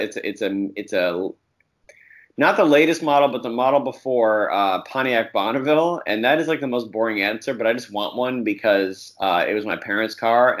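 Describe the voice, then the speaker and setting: A man telling stories as a guest in a casual chat, animated and profane, acting out quotes between bursts of laughter. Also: lowish voice. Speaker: guest comics writer.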